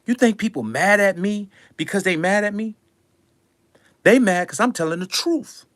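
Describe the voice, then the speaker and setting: A man's voice: high voice, animated, normal speed, fairly bright tone, no room sound, clean studio sound. An older man, a music producer, giving a passionate, preachy talk to his audience in slangy speech, repeating his lines for emphasis. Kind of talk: passionate monologue.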